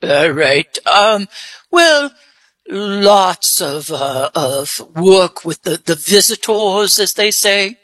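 A woman with a deep-pitched voice and a put-on English accent, a mystery guest on a radio guessing game who answers hesitantly with many fillers. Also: animated, slow, fairly bright tone, no echo.

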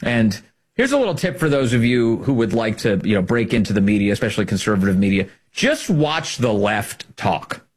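A man's voice: fairly low pitch, very animated, normal speed, slightly rough. A man hosting a political commentary show, talking in an indignant, emphatic monologue with lots of repetition.

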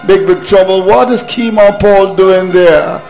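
A man's voice: high voice, unhurried, gravelly, a little mellow, soft background music, rough recording. A man commentating cricket on radio, exasperated at his team's collapse and repeating phrases for emphasis.

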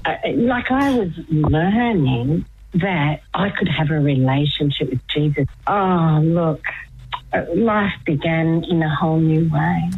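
Appearing as a guest on the radio, an older woman tells her story eagerly and laughs often in casual conversation. Her voice sits low and is slightly rough, and she speaks slowly. The sound is muffled, lo-fi radio audio.

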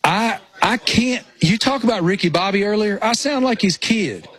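A man's voice: high-pitched, moderate pace, slightly rough. A man with a thick rural Appalachian accent, co-hosting a sports radio show, telling self-mocking stories in casual banter. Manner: animated storyteller, self-mocking. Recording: remote link with crowd noise behind.

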